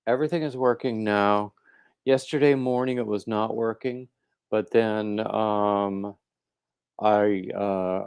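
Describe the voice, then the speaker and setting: A man hosts a casual livestream, talking slowly in a fairly low voice. He rambles and restarts his sentences, filling gaps with ums and uhs, and greets viewers by name. The sound is dry and close, with no room echo. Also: darkish tone, clear, resonant tone. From coastal North Carolina. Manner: rambling, halting, full of fillers and restarts. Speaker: crochet livestream host.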